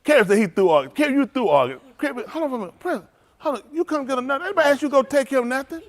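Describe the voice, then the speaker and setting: A man's voice: very high-pitched, animated, very fast. A man preaching, joking loosely and teasing his congregation, laughing often. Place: synagogue hall, livestream.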